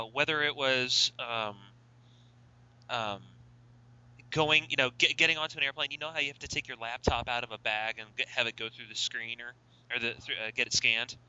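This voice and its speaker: A man with a very bright, sharp tone hosts a radio show, teasing his co-host and signing off in a formal broadcast manner. The sound is dull and lo-fi. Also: medium pitch, smooth. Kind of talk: casual radio banter.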